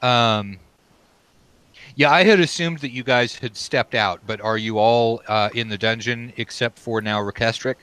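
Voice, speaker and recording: A man running a tabletop game as game master, relaxed and halting, with many ums and restarts. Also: medium pitch, clean tone, no echo.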